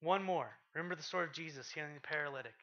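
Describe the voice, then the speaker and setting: A man preaching a sermon, reading scripture aloud with rising intensity and dropping to quiet asides. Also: fairly high pitch, rapid-fire. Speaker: pastor. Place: church. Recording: lo-fi sermon podcast recording.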